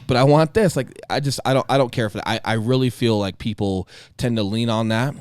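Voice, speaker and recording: A man's voice: mid-range voice, fairly quick, darkish tone. A man in his thirties co-hosting a podcast, telling a blunt, profane story in casual chat and acting out the voices of the people in it. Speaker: podcast co-host.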